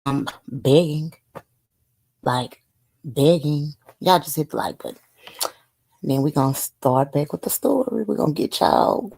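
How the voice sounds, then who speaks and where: Low raspy woman chatting on her stream, begging for likes, cussing a lot. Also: big pitch swings, measured pace, pauses often, warm tone. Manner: pleading, chatty, swears freely. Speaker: stream host. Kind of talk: casual live-stream chat.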